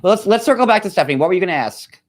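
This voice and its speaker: A man's voice: high voice, lively intonation, very fast. A man hosting a casual chat, rambling with lots of fillers, with a New York area accent. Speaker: host.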